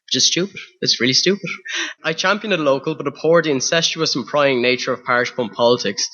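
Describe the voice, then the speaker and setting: A man's voice: on the high side, a little fast, bright, forceful tone, dull audio. A young man from Ireland with an Irish accent, reading a personal essay to an audience in a wry, self-mocking way with rhetorical questions. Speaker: spoken word performer.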